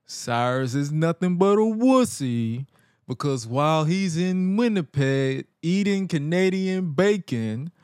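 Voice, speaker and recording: Brief: man impersonating a boastful male announcer, slow and drawn out, loud, dry. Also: on the high side, expressive, smooth, no room sound. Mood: pompous boasting. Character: pompous male announcer calling himself a stud.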